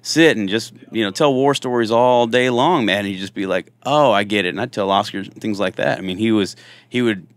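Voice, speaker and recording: Casually interviewed for a podcast, this former cop turned country singer, a man in his thirties, jokes his way through lively police tales, performing every quoted line with a playful upward lilt. His slightly low voice moves a bit fast, captured up close with no echo.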